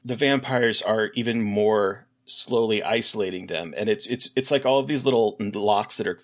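A man's voice: fairly low pitch, moderate pace. A man co-hosting a podcast, rambling with restarts as he chats enthusiastically about a horror film. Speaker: podcast co-host.

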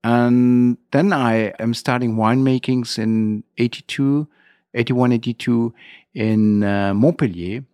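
German-accented man, halting English, dry sound. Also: mid-range voice, a little mellow, dry recording. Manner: halting non-native English with fillers and restarts. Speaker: winery owner guest. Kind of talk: interview.

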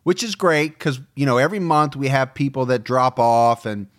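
A man's voice: mid-range voice, moderate pace. A man hosting a podcast, joking as he reads out supporter names. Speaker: podcast host. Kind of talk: casual podcast chat and read ad.

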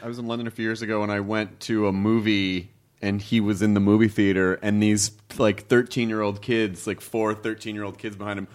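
A man co-hosting a comedy podcast, animated and laughing as he tells stories in casual banter. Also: on the low side, fairly quick. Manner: animated, laughing, does loud voices.

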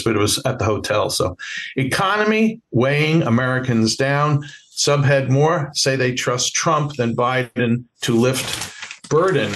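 A man's voice: mid-range voice, low-quality recording. Bronx-accented male podcast cohost. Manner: halting, with many restarts and fillers. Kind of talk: casual chat and host-read ads.

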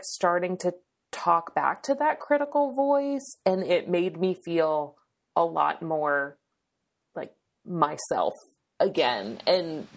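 Gravelly-voiced woman, reflective. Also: sits low. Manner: reflective, halting, many fillers. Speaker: podcast guest, dietitian. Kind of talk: casual conversation.

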